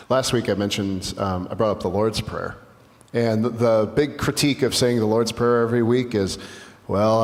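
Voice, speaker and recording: A male pastor speaking in a conversational dialogue sermon, reflective and earnest, often restarting his sentences. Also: on the low side. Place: church sanctuary. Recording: long church reverb.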